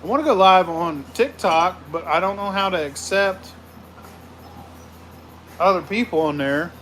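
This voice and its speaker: A man hosting a casual livestream from his home man cave, greeting viewers with loud, profane, rambling shout-outs. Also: high-pitched, unhurried, slight background noise, poor audio. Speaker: livestream host.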